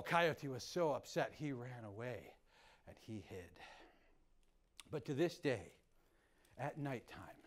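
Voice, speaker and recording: A middle-aged male storyteller performing folk tales live, his voice climbing and dropping all over the place. He takes the story slowly and theatrically, adding gasps and sound effects. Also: medium pitch. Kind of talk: traditional storytelling for a live audience.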